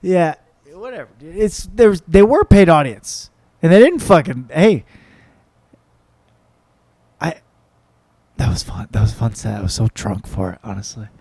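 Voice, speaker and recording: Rambling, profane man with a mellow voice. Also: fairly high pitch, sing-song, measured pace, creaky, pauses often, slightly rough, no room sound. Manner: rambling, profane, self-mocking. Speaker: podcast host and comedian. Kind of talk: casual solo podcast chat.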